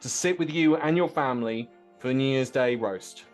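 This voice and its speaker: A man's voice: mid-range voice, normal speed, soft background music. A man hosting a podcast in casual political chat. He is playful, laughs often and sets up questions for his guests. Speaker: podcast host.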